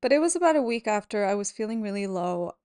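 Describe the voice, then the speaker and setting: A woman hosting a podcast as a yoga teacher, talking in a gentle, candid and reassuring way at home. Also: medium pitch, lively intonation, fast, smooth, dry recording, clean studio sound. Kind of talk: reflective solo podcast talk. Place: at home at a table.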